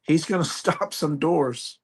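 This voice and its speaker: Slow-talking man hosting a live sale. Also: a little high, breathy edge. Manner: slow, deliberate, joking. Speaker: auction host.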